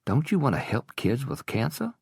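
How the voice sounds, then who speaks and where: A man's voice: medium pitch, big pitch swings, normal speed, vocal fry, darkish tone, breathy edge, dry recording, studio quality, pitched above the performer's own voice, heavily acted. A man voicing a vain, shallow society wife who talks in a whining voice. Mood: whiny chatter. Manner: whining, self-absorbed chatter.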